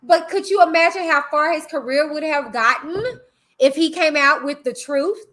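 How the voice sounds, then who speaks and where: Woman, livestream host, high voice, bright tone, blunt casual commentary. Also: normal speed. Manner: blunt, animated, outspoken.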